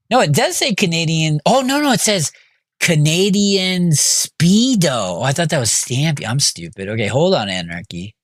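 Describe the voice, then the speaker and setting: A man's voice: mid-range voice, dry recording, studio quality. A man streaming a video game live, talking to himself and his chat in a scattered, reactive way. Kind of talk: casual live-stream commentary.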